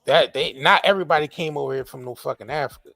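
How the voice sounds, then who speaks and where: A man hosting a podcast, talking in a casual, profane, animated way with many restarts. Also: fairly high pitch, fast, vocal fry, no room sound, faint music behind. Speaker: podcast host. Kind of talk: casual chat.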